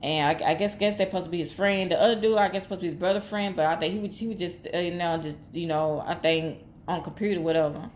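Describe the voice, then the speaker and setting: A woman's voice: on the low side, fast talker, few pauses, a little mellow, slight background noise. A woman telling a personal story in casual talk, rambling and repeating herself as she acts out what everyone said. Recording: echoey room with faint ambience.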